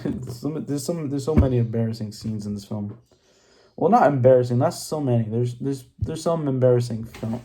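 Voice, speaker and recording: A man's voice: mid-range voice, dark tone. A young man casually recapping a film, rambling and correcting himself, laughing often and swearing freely. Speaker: movie reviewer.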